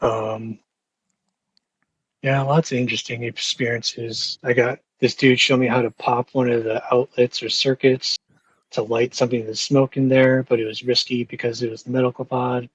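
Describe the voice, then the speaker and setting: A man's voice: medium pitch, level tone, moderate pace, slightly rough, dry recording, low-quality recording. A young man telling a rambling, profane story with lots of fillers and restarts in casual podcast talk. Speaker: podcast host.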